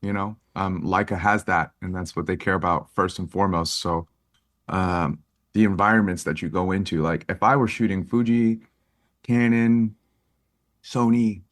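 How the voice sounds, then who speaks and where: Animated low-voiced man telling stories. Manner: animated storyteller, acts out quoted speech, laughs often. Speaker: guest photographer. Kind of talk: casual interview storytelling.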